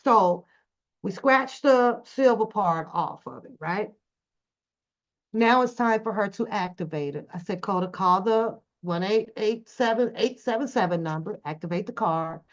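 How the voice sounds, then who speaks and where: A middle-aged woman vlogging, telling a story casually to her viewers, animated and swearing freely. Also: mid-range voice, measured pace. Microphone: phone camera. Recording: dull lo-fi recording.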